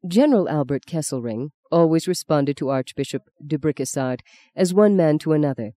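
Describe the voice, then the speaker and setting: Audiobook narrator, mellow tone, dry close read. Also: mid-range voice, expressive, fairly quick, no echo. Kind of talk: scripted narration.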